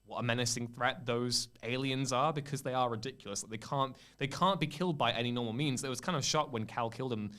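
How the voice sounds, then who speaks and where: A young man on a casual podcast, talking in a smooth, clear voice. He tells his stories with energy and acts out the scenes as he goes. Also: mid-range voice, fast talker, hardly any pauses. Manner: animated storyteller who acts out scenes. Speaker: podcast co-host. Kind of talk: casual chat.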